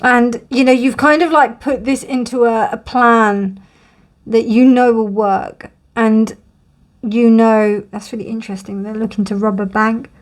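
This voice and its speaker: A woman reads tarot cards straight to her viewers in a relaxed, thinking-aloud way. She reassures as she goes, filling pauses with ums and you-knows and yawning now and then. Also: on the high side. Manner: musing, reassuring, thinks aloud with many fillers; yawns often during readings. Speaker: tarot reader. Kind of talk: casual tarot reading to camera.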